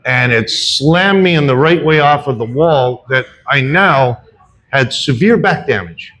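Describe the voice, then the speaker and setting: A man's voice: mid-range voice, expressive, measured pace, fairly bright tone, poor audio. An older man doing stand-up in a bar, telling a long self-deprecating story with repeats and restarts. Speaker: stand-up comic. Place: bar comedy stage.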